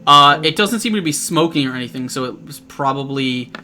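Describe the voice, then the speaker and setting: A man running a tabletop game as game master, describing scenes in a halting way with frequent restarts. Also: a little high, animated, sharp tone, soft background music.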